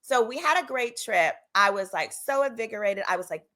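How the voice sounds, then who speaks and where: A woman in her thirties from Texas telling a personal story in a casual, animated way, acting out the people she quotes. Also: on the high side, fairly quick. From Texas, United States. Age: 30s. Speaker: lawyer and channel host.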